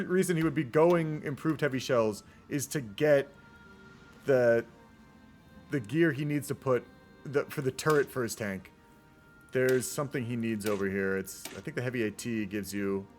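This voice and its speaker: A man streaming and casting a multiplayer strategy game in casual live commentary, rambling and laid-back, swearing and often tacking "man" onto his sentences. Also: medium pitch.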